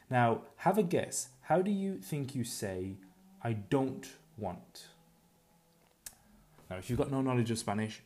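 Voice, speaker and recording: Relaxed man teaching a language lesson. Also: fairly low pitch. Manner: slow, repetitive drilling with pauses for practice; chatty and self-deprecating.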